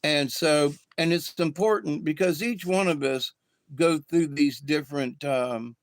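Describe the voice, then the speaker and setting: A man hosting a live spiritual card reading, telling stories in a folksy, meandering way with lots of fillers. His voice is gravelly and somewhat high for a man. The sound is close and dry. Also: measured pace, no room sound. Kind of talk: rambling live-stream storytelling.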